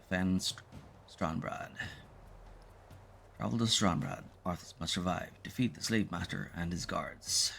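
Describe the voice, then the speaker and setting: Streamer guy reading game script out loud, deep voice, faint hum behind. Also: unhurried, creaky, long pauses.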